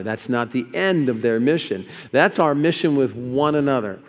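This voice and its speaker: A male pastor delivering a sermon in a church sanctuary, his voice ringing out with a long reverb tail. He talks in an easy, conversational way and becomes animated whenever he quotes scripture. His voice sits in a middle pitch range. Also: moderate pace, few pauses. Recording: echoey hall with long reverb.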